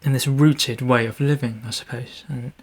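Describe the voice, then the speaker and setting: Halting, easygoing male photographer. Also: mid-range voice, steady tone. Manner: halting, with many restarts and soft asides. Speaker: landscape photographer. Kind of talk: casual vlog narration.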